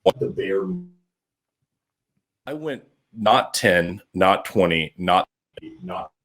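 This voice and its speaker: A man hosting a podcast, telling a rambling story with lively acted-out quotes. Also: low voice, takes it slowly. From Orlando area. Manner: rambling, animated, acts out quotes. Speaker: podcast host. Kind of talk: casual storytelling.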